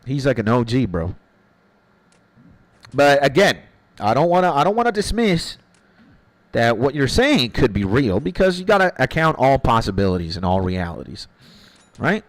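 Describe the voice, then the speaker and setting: A man with a medium, sing-song voice streams a game at a moderate pace, leaving long pauses. He chats loosely with viewers in rambling slang, calling chat "bro" and "my G"; the recording is dry and the audio poor.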